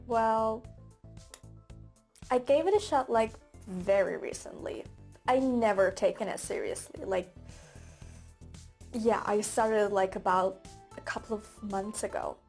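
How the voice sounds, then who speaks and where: A woman's voice: medium pitch, slow, long pauses, darkish tone, soft background music. A young woman whose first language is Persian, speaking English with an American accent in a casual, chatty vlog to her viewers. She talks with frequent fillers and a joking tone. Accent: American English, non-native. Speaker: English-learning vlogger. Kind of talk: casual talk to camera.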